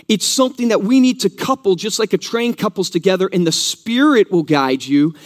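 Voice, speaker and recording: A man preaching a sermon in church, earnest and teaching, who repeats key points for emphasis. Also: high voice.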